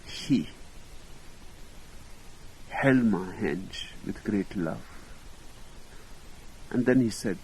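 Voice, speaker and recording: A man as a spiritual teacher telling a story in a slow, deliberate discourse with long pauses. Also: fairly low pitch, a little mellow, slight background noise, poor audio.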